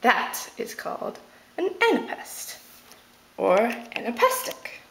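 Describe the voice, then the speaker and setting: Woman teacher, slow deliberate delivery, lively rising and falling voice, echoey room. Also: fairly high pitch, creaky, a little hiss or hum. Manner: slow and deliberate, playful asides, sounding out stresses. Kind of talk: explaining poetry scansion.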